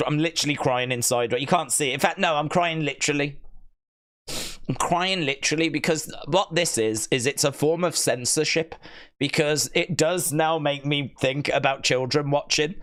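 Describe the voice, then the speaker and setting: A man chats casually as he hosts a live stream, reading out viewer messages. He has a somewhat high voice and teases his audience playfully, breaking into squeaky mock-outraged exclamations. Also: fairly bright tone. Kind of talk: casual watch-along chat.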